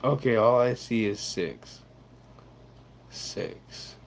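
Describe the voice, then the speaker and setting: A man's voice: on the low side, slow, slight background noise. A young man chatting casually on a livestream, laid-back and swearing, reacting to his chat.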